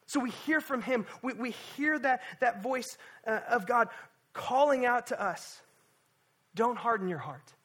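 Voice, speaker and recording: A man preaching at a church service in a very high, bright voice with a forceful ring. He is impassioned, drops to a hush and then builds to loud emphasis, and repeats words to drive points home. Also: expressive, unhurried. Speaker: pastor. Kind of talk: sermon.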